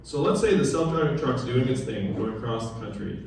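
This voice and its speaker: Far from the mic and over background noise, an animated candidate with a medium-pitched voice and vocal fry talks a little fast. His campaign speech at a town hall is conversational, and he quizzes the audience in a large, very echoey room.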